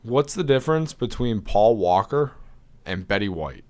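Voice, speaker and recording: Young man, podcast co-host, dry offhand chat, animated pitch. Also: normal speed. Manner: dry, rates jokes offhandedly. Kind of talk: casual chat.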